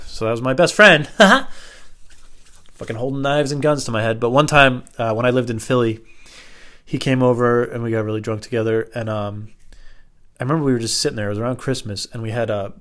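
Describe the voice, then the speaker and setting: A man's voice: mid-range voice, fairly even intonation, fast talker, fairly bright tone. A man telling rambling personal stories in a casual, profane, offhand way. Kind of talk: casual storytelling monologue.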